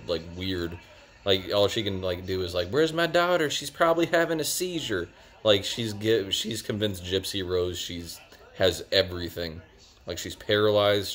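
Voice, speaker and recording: A man's voice: low voice, a bit bright. A young man giving a casual spoken review of a TV series, rambling and filling gaps with "like" and "uh". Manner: rambling, lots of "like" and "uh". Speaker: TV show reviewer.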